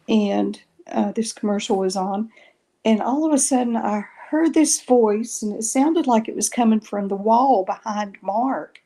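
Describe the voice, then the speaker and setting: A woman's voice: fairly high pitch, mellow. A middle-aged woman, telling a long story in a rambling way and correcting herself often. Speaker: guest recounting paranormal experiences. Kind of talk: casual storytelling interview.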